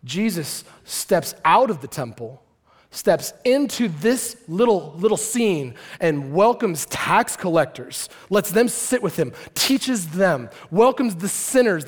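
A man preaching a lively, conversational sermon and acting out characters with shouts and asides. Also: sits high. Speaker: pastor. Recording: long hall reverb.

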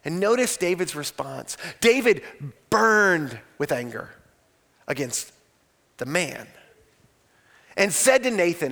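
Male preacher, high voice, dramatic sermon storyteller who swings between loud and hushed. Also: lively intonation, normal speed. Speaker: pastor.

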